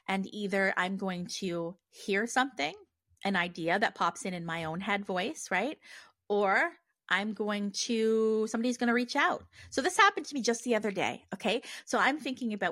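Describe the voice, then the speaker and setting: A woman's voice: medium pitch, animated, moderate pace, bright, forceful tone, no room sound, studio quality. A woman hosting her own podcast, talking casually on her own with lots of fillers and restarts. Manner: conversational, many fillers and restarts. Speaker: podcast host. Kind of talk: casual solo podcast monologue.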